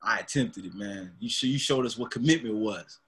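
Husky laid-back young man. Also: on the low side, brisk, a bit bright. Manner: laid-back, laughs often, says man and dog a lot. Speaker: podcast co-host. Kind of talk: casual chat.

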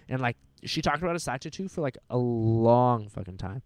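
A young man talks fast and rambles through crude, jokey stories in casual chat. His voice sits at a middle pitch, recorded close and dry. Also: no echo.

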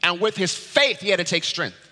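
Male pastor, high and sharp-edged tone, dynamic sermon delivery in a reverberant hall. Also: expressive, brisk. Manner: preaching with wide swings from loud high urging to low hush.

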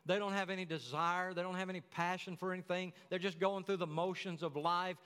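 A man's voice: high-pitched, steady tone, brisk, fairly bright tone, smooth, in a large hall. A man preaching a sermon, telling the story in a folksy way with chatty asides.

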